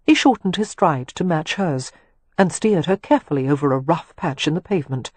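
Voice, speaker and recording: Measured romance audiobook narrator; husky tone, dry booth sound. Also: medium pitch, no room sound. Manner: measured, even storytelling. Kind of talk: scripted narration.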